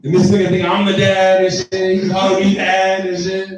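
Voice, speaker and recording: A man's voice: high-pitched, completely flat delivery, moderate pace, background noise. A young man in his twenties doing a profane stand-up set, laughing along as he tells his stories. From Texas. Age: 20s. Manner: profane, storytelling, laughing at own jokes. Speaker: stand-up comedian. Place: live comedy venue with audience. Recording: echoey room, far mic, crowd. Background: audience reactions.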